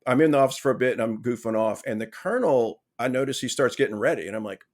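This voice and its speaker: A man on a podcast telling a long anecdote in a casual way, with lively, self-mocking humor and frequent "right?" asides. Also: mid-range voice, quick pace. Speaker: podcast guest.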